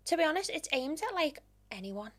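A young woman with a Liverpool accent, a guest telling stories in a chatty, animated way with local slang. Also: sits high, a little fast. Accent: Liverpool (Scouse). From Liverpool, England. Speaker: interior stylist guest. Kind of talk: casual podcast interview.

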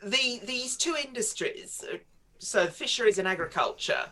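A woman's voice: mid-range voice, animated, moderate pace, sharp tone. A woman in her fifties, a guest writer on a radio talk show, chatting in a digressive way and laughing often.

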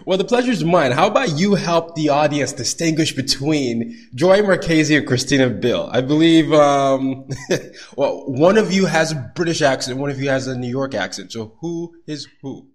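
Animated male podcast host. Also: a little high, normal speed. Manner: animated, laughs easily, frequent fillers. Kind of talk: podcast interview.

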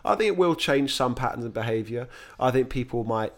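A man's voice: medium pitch, expressive. A man chatting as a podcast guest, easygoing and informal. He talks in fits and starts, circling back and repeating words before landing a point, with slang sprinkled through. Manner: halting, many restarts, slangy. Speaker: actor guest. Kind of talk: casual podcast chat.

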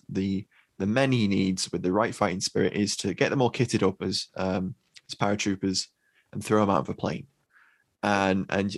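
Brief: British man, podcast co-host, low voice, dry close sound, halting casual delivery. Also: no echo. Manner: halting, many restarts and ums.

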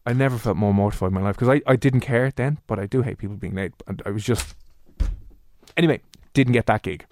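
An Irish man co-hosting a radio show, telling stories at a brisk clip. His pitch sits mid-range, but he leaps up high whenever he acts out what someone said. The sound is close and dry. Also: dry recording. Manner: animated storyteller, jumps high to act out quotes. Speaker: radio co-host. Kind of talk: casual chat.

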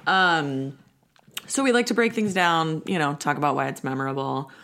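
A woman in her thirties hosts a casual podcast with her friends. Her voice sits low, and she talks in a chatty, playful, rambling way. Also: normal speed, a bit bright, slight background noise. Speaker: podcast host. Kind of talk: casual chat.

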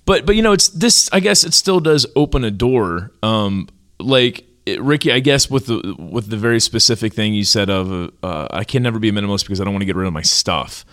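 A man in his thirties co-hosts a relaxed podcast, speaking a little lower than most men. He gives easygoing advice and drops light jokes along the way. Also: a little fast, hardly any pauses. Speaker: podcast co-host. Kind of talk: casual podcast conversation.

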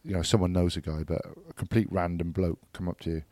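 A man's voice: low-pitched, steady tone, fast talker, darkish tone, no room sound. A man in casual chat, adding short teasing remarks to his friend. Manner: short teasing interjections, calls friend mate. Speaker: podcast co-host.

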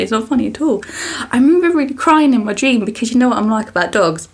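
A woman's voice: a little high, expressive, quick pace, hardly any pauses, husky. A young woman co-hosting a podcast, telling rambling stories in casual chat and often giggling. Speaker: podcast co-host.

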